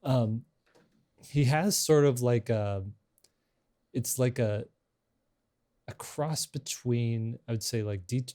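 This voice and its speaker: A man's voice: medium pitch, slow pace, long pauses, mellow. A middle-aged man hosting a casual podcast chat, talking in a rambling, hesitant way with many restarts. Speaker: podcast host.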